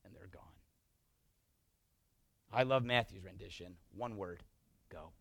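A male pastor preaching a sermon, emphatic and swinging between loud bursts and hushed passages. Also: deep voice, unhurried, gravelly, no echo.

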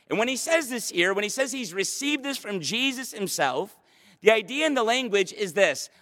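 A man's voice: high-pitched, animated, normal speed, fairly bright tone. A man preaching a sermon from a church stage, speaking with passionate emphasis. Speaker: pastor. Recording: long hall reverb.

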